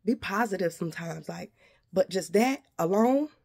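A woman's voice: lowish voice, expressive, moderate pace, gravelly, darkish tone, husky. A woman vlogger, indignantly venting to her viewers. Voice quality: slight lisp from retainers. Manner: indignant, addresses viewers directly. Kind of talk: venting to camera.

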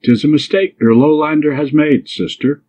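Lightly acting and pushing his dark voice up to a fairly high pitch, a man portrays a bold, teasing young woman in love for an audiobook. Her lines come out pert, mischievous, and pleading at a normal speed, captured in a dull, lo-fi recording.

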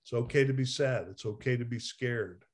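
A man speaking as a recovery therapist in an interview, animated and chuckling as he talks, with hesitant restarts. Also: medium pitch, normal speed. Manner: animated, acts out quotes, chuckles often. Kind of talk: conversational interview.

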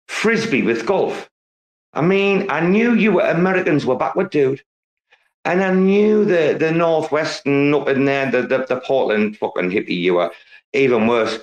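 A man's voice: a little high, lively intonation, moderate pace, rough recording. A man hosting a casual late-night chat, rambling and swearing a lot. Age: 40s. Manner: crude, rambling, profane. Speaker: host. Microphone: phone.

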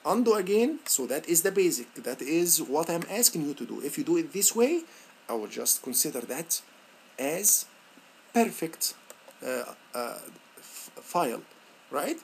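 A male instructor talking students through a software lab on screen, thinking aloud with repeated words and many fillers. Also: a little slow, vocal fry, slight background noise. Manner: lively, rising pitch on praise words. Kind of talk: screen-recorded software tutorial.

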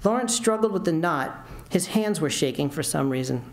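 A man's voice: on the high side, animated, normal speed, creaky. A man reading his own fiction aloud at a university, narrating steadily with occasional restarts. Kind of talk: literary reading. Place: university lecture room. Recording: roomy lecture hall.

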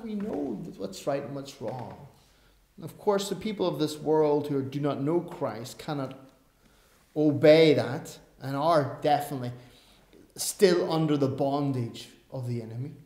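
Male pastor, slightly high voice, emphatic delivery with wry asides, recorded in a reverberant church. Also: darkish tone. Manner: emphatic, with self-aware asides. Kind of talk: sermon. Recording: roomy church echo.

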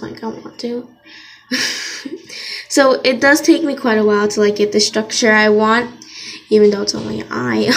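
A young woman vlogger gives a rambling, giggly, casual drawing tutorial, often laughing and interrupting herself. Her voice is a little high, and the phone microphone picks up slight background noise.

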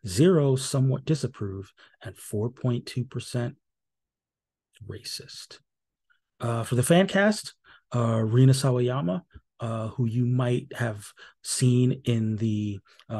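Dark-voiced man hosting a rambling podcast. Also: medium pitch. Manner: casual and rambling, many fillers and restarts; dry and wry. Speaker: podcast host. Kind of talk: solo podcast recap.

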